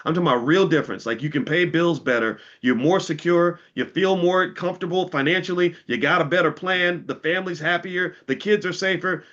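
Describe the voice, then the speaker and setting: A middle-aged man delivers a livestreamed finance talk in a bright, forceful voice. He preaches and repeats his points, sometimes heated and profane. The sound is dull and lo-fi. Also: high-pitched, moderate pace, few pauses. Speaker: finance educator.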